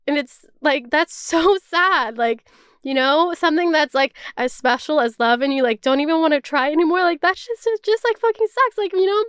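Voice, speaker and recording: High, chatty young woman vlogger. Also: expressive, moderate pace, fairly bright tone, no echo, clean studio sound. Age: 20s. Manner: chatty, swears freely, heavy use of "like". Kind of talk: casual chat.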